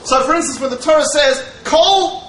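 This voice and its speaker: A man's voice: very high voice, normal speed, fairly bright tone, a little hiss or hum. A man teaching the Torah to a live audience, joking and asking rhetorical questions. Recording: echoey hall, voice from far off.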